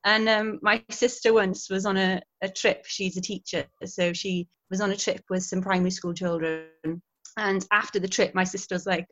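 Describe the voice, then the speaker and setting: A woman's voice: mid-range voice, normal speed. Chatty laughing woman on a dull recording. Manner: chatty, laughs often, animated storytelling. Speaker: guest, historical interpreter. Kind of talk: casual interview chat.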